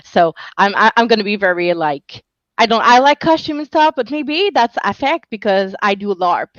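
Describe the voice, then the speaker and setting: A woman's voice: medium pitch, expressive, normal speed, no room sound. Woman on a muffled call. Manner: frank, playful, nonnative grammar. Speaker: guest.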